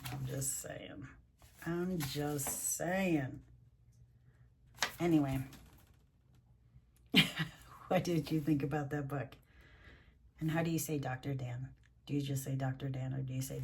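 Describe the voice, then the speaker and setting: Older woman, low husky voice, reads aloud to grandkids, chats and laughs between pages. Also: fairly even intonation, unhurried, long pauses. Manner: chatty, laughs often, swoops up high when reading. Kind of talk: casual picture-book read-aloud with chatty asides.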